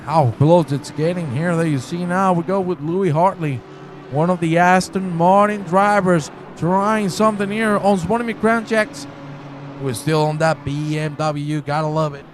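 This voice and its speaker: A man calls an online race, his voice sitting notably high and jumping into excited exclamations whenever cars tangle. He chats with viewers between the action. A faint hiss runs under the recording. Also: moderate pace. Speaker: sim racing commentator. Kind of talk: live race commentary.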